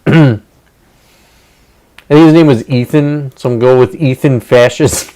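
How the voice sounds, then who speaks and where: A man's voice: medium pitch, slow pace, warm tone, poor audio. A man hosting a livestream, ranting casually with profanity, rambling asides and sarcastic mock quotes. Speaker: streamer host.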